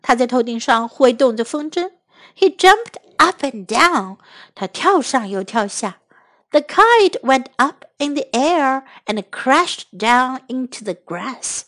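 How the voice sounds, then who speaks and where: Woman narrator for a children's bilingual storybook; high, slow, animated. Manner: slow, careful, expressive. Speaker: storyteller and English teacher.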